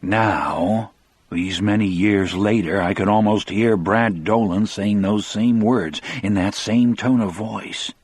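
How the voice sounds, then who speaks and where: A man's voice: fairly low pitch, slow, darkish tone, husky, no echo. A man narrating an audiobook in a brooding, confessional first-person telling.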